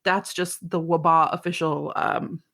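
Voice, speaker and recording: A woman co-hosting a podcast in casual chat, rambling and giggly, with a fairly deep voice and free swearing. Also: steady tone, unhurried, pushed and bright. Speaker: podcast co-host.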